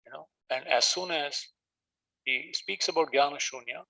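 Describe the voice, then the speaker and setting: A man's voice: a little high, normal speed, bright, forceful tone, no room sound, rough recording. A man with an Indian accent giving a scripture class, retelling the story with animation and reciting Sanskrit verses. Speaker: spiritual teacher.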